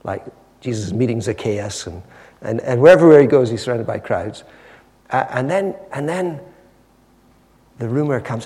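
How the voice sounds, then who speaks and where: A man preaching a sermon, retelling a story with lively, dramatic storytelling. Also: medium pitch, moderate pace, pauses often, long reverb tail. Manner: animated storytelling, acting out the scene.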